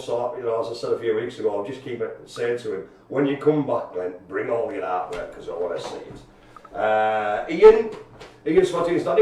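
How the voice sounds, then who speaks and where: Man, light and jokey live-stream co-host, boomy distant room sound. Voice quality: chatty, jokey, animated storytelling. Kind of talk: casual live-stream chat. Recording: echoey room, far from mic.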